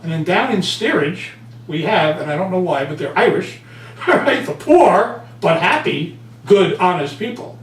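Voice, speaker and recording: High-voiced man telling stories in an interview. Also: a little slow. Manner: animated storyteller, acts out quotes. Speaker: guest author and motivational speaker. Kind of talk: conversational interview. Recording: roomy, distant mic, faint hum.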